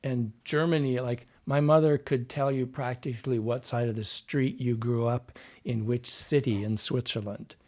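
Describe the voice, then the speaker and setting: A man's voice: medium pitch, steady tone, normal speed, hardly any pauses, darkish tone. A man speaking as a dialect coach on a podcast, with a medium voice. He talks patiently and explains step by step, often demonstrating sounds aloud as he teaches. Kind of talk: interview guest explaining accents.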